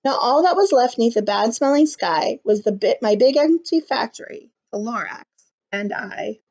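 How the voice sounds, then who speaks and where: A woman reading a rhyming picture book aloud to children, pausing to explain things in simple words. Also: a little high, animated, a little mellow. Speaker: storybook reader. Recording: slightly muffled recording.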